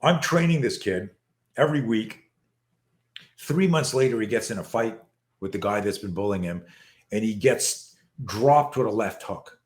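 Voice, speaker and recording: A man's voice: on the low side, normal speed. An older man, a self-defense instructor, telling a story in a podcast interview with emphatic, profane speech, many restarts and acted-out dialogue. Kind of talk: animated storytelling in a podcast chat. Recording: echoey room.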